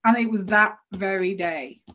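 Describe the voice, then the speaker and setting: A woman guest telling a personal story in a casual interview, animated and laughing often as she acts out what people said. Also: medium pitch, normal speed.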